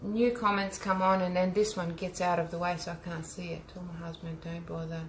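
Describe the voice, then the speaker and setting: An Australian art teacher and vlogger chats casually with live viewers while painting, her asides friendly and teacher-like. Her voice is on the low side, brisk, with little pitch movement, set in a roomy echo with a faint hum.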